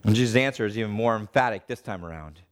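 A man preaching a sermon, animated, acting out the voices of the people he quotes. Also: lowish voice, quick pace.

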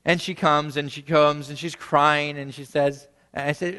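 A man in his thirties with a fairly high, light voice delivers a sermon from the pulpit. He preaches earnestly, building to emphatic repeated lines and then letting phrases fall away almost to a hush. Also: fairly even intonation, normal speed, in a large hall. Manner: earnest preaching that swells to emphatic peaks and drops to quiet, hushed endings. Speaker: pastor.

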